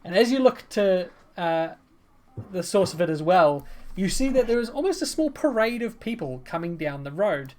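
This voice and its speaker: A woman narrating a tabletop game as game master in a casual, lively way. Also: fairly low pitch, moderate pace. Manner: lively, casual, laughs often.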